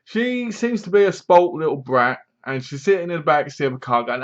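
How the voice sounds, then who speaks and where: A man's voice: a little high, expressive, fairly quick. Rambling man with a dull lo-fi sound. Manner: rambling, repeats basically, corrects himself. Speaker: film reviewer. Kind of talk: casual spoken movie review.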